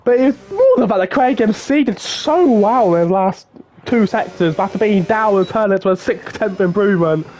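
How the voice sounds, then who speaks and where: A man commentating live on a sim racing qualifying session, swinging between low murmurs and excited outbursts. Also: normal speed, a little hiss or hum. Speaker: race commentator.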